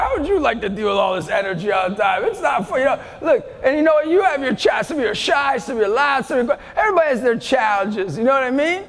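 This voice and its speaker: A man in his thirties giving an intense, shouting, jokey faith talk to a live audience. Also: extremely high pitch, expressive, fast, hardly any pauses, soft background music. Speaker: youth speaker. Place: large event hall. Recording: long hall reverb, faint crowd.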